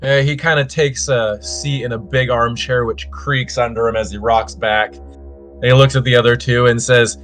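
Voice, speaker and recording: A man running a tabletop role-playing game as game master, narrating scenes in a measured, descriptive way. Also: mid-range voice, fairly even intonation, a bit bright, soft background music.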